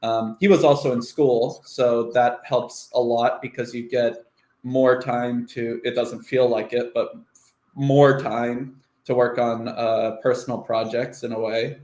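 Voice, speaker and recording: A man's voice: mid-range voice, little pitch movement, a little slow, darkish tone. A man on a live-stream panel, talking in a rambling, encouraging way with many fillers. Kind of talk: casual panel talk. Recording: echoey room.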